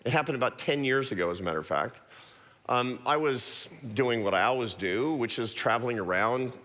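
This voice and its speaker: A middle-aged man giving a talk to an audience, telling a personal story with quick self-deprecating asides. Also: medium pitch, expressive, fairly bright tone. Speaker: guest speaker. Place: large church auditorium. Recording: long hall reverb.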